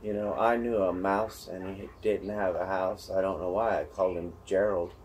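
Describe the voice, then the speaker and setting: A man giving chatty, joking live commentary as a zookeeper during a snake feeding, with sudden loud playful outbursts. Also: deep voice, fairly even intonation, moderate pace, a little hiss or hum, rough recording.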